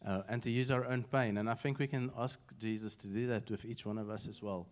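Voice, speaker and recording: A man hosting a casual talk, calmly thanking and introducing guests. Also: on the low side, brisk. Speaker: host. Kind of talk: casual chat.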